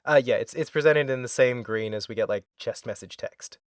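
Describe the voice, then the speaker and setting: A man's voice: mid-range voice, fairly quick, dry recording. Chatty man with a dry, close sound. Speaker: co-host. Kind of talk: casual podcast chat about a video game.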